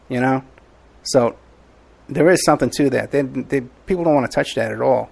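A man hosting a podcast in casual chat, excitable and quick to laugh. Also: medium pitch, gravelly. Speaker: podcast host.

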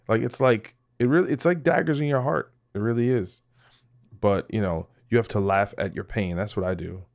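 This is a wandering solo podcast monologue from a male host whose voice is lowish and gravelly. Talking straight to his audience, he swears a lot, pokes fun at himself, laughs, and frequently starts sentences over.

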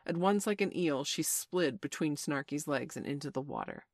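Low-voiced woman reading a storybook. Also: expressive, moderate pace, darkish tone, no room sound, clean studio sound. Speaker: narrator.

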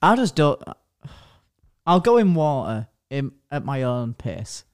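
A man's voice: medium pitch, slow, clean tone. A man co-hosting a podcast, chatting casually, swearing and laughing with friends. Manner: sweary, animated, laughing often. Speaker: podcast co-host. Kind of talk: casual chat.

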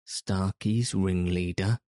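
A man's voice: deep voice, steady tone, slow pace, mellow, dry recording, studio quality. A man reading an audiobook, voicing a menacing pirate captain who purrs his threats with cruel courtesy. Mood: silky menace.

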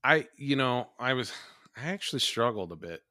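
A podcast co-host with a mid-range, bright, forceful voice chats casually at normal speed with lively intonation. He is hesitant, restarting many times, and the recording is dry and studio quality.

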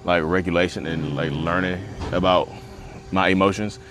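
Deep-voiced man vlogging outdoors. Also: fairly even intonation, normal speed. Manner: rambling, conversational, many fillers. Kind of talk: casual talk to camera. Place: outdoors at the beach.

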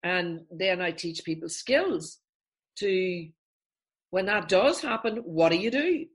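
Animated woman therapist explaining a technique. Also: lowish voice, slow pace. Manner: animated, acts out examples in voices. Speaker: therapist guest.

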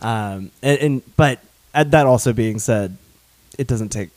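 A man's voice: mid-range voice, measured pace, a little mellow, no room sound. Chatty Southern man co-hosting. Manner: chatty, laughs often, many restarts. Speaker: podcast co-host. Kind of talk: casual chat.

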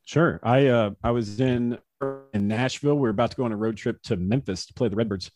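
A man who pitched professionally, telling casual anecdotes in an interview, acting out quotes and laughing often. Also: a little fast, music in the background. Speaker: former baseball pitcher, guest.

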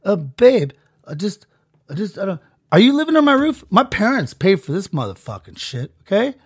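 Shrill bratty freeloader, a man puts on, whiny, swears a lot, high squeaky voice. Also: sing-song, moderate pace, husky, exaggerated voice. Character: whiny bratty young freeloader living off parents.

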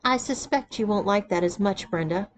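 A woman's voice: mid-range voice, a little hiss or hum, close to an everyday voice, low-quality recording. Woman reading as a stern dominant wife. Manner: stern, measured orders. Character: commanding, mocking dominant wife.

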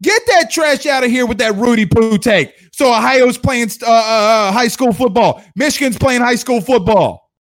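High-voiced fired-up sports host. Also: male voice, normal speed. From Louisiana, USA. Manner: fired-up, combative, sarcastic. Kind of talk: livestream sports rant.

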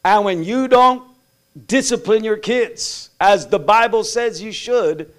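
A man's voice: high-pitched, takes it slowly, fairly bright tone, smooth. A male pastor preaching a sermon in a blunt, folksy way, full of slang and asides. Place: church.

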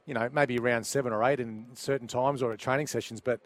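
A man, a former coach, talks through the game in a measured, thoughtful way. His voice sits at an ordinary male pitch. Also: fairly even intonation, no echo. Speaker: former coach and player, pundit. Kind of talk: sports radio commentary.

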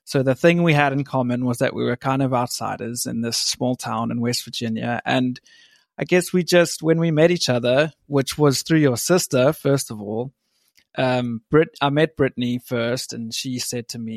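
A young man from England and South Africa, a podcast guest telling stories in a relaxed, laughing way. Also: medium pitch, moderate pace, gravelly, no room sound, clean studio sound. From born in England, raised in South Africa. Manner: laughing, self-deprecating storytelling. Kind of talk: casual chat.

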